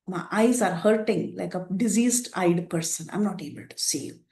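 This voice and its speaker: A woman's voice: fairly low pitch, animated, normal speed, creaky, mellow, pitched below the performer's own voice. A woman doing a stern, distant prince. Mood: cold. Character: stern young prince rejecting his wife. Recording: roomy echo.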